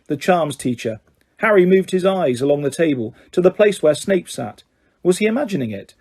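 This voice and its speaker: A man reads a fantasy novel aloud in a fairly high voice. His narration is steady and plain, with the odd stumble and restart. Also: slightly rough. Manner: steady reading, occasional slips and restarts. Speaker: audiobook narrator. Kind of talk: audiobook narration.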